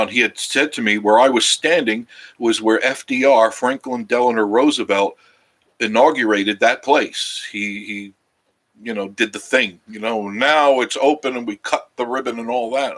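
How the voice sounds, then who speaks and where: A man's voice: medium pitch, moderate pace, fairly bright tone. A man hosting a casual travel vlog, chatting with his viewers and rambling and losing his train of thought because he is tired, sitting on a couch in a cabin. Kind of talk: casual live-stream chat with viewers.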